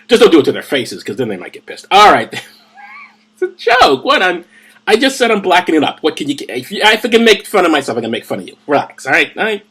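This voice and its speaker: Brief: husky man, lively swings in pitch, rambling and profane, a little drunk. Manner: rambling, profane, tipsy asides. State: drinking gin. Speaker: host of a comedic Bible reading. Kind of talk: casual comedic commentary.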